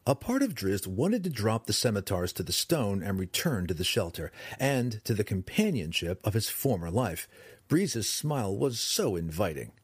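Husky low-voiced fantasy audiobook narrator. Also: male voice, normal speed, dry recording. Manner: dramatic, expressive reading.

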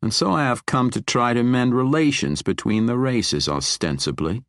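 A man's voice: medium pitch, expressive, a bit bright, no echo, clean studio sound, pitched above the performer's own voice. A man voicing a sly, sardonic male drow mercenary who drawls his words archly. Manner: arch, drawn-out, sardonic.

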